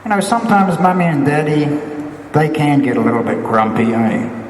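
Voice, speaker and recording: A man who is a Buddhist monk gives a gentle Dharma talk to children, coaxing them with simple questions. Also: fairly high pitch, lively intonation, moderate pace, slight background noise. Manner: coaxing, questioning tone with frequent "huh?"; speaks simply as if to small children. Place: temple hall. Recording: echoey hall from a distant mic.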